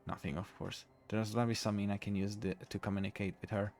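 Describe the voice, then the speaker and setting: Giggly, rambling, apologetic streamer. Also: male voice, fairly low pitch, flat delivery, fast talker, a little mellow, slight background noise. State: tired, low on energy. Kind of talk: casual live-stream chat.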